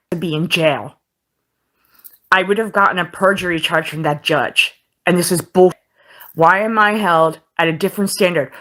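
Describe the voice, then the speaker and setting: A woman's voice: lowish voice, a bit bright. A woman venting to her viewers, frustrated and holding back tears. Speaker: video auditor. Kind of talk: vlog clip.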